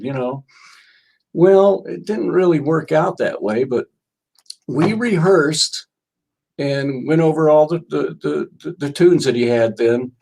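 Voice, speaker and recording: Here a gravelly, slightly mellow mid-range male voice belongs to an older musician guest. Coughing along the way, he tells meandering stories in an interview and reads from a book he wrote.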